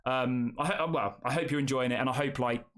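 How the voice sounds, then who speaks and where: A man's voice: medium pitch, fairly even intonation, fairly quick, fairly bright tone. A young man hosting a football news channel, reacting emotionally on a live stream and talking straight to his viewers. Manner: emotional, repetitive, addresses viewers as guys.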